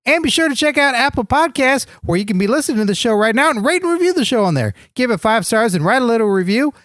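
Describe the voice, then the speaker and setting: A dim but cheerful wrestler sidekick, as a man puts him on for a comedy podcast, reading plugs and explaining nonsense with total sincerity. The pitch swings in a lively way. Dry, close sound with no room echo. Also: quick pace, exaggerated voice. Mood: upbeat. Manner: cheerful, naive, doing sponsor reads. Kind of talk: improvised comedy podcast banter.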